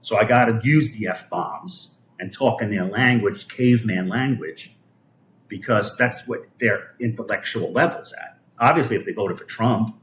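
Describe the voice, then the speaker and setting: Foul-mouthed New streamer, echoey room. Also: male voice, lowish voice, a bit bright. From Brooklyn, New York. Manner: foul-mouthed, scornful, halting with restarts. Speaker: live streamer. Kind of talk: profane political rant on a live stream.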